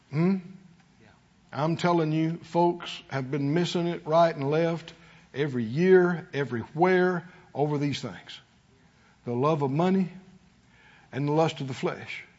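A man's voice: a little high, a little mellow, muffled recording. A man preaching a sermon as pastor, emphatic, with call-and-response to his congregation.

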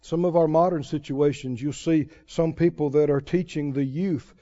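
A man preaching a sermon in an animated style, mimicking wailing prayers to make his point. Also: on the high side, moderate pace. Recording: muffled lo-fi sermon recording.

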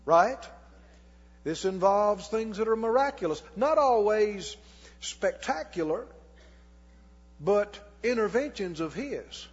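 A man preaching a sermon as pastor, reading scripture slowly and putting questions to the congregation that he answers himself. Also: high-pitched, slightly rough. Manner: reads scripture slowly and deliberately. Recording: long hall reverb, dull lo-fi sound.

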